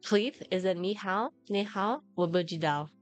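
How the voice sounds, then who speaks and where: A woman's voice: medium pitch, moderate pace, dull audio. A young woman streaming a game, chatting casually, teasing her friend and swearing often. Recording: game music behind voice.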